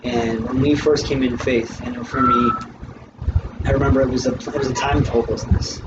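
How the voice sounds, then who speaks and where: Flat-voiced man giving earnest testimony. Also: medium pitch, brisk. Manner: earnest, reflective, with "um"s. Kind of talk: casual faith talk, personal testimony. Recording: distant, muffled, noisy.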